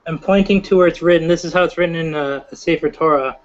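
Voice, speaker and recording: Halting, curious man on a call. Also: fairly high pitch, dull audio. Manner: inquisitive, halting. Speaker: Bible study participant. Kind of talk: casual group discussion.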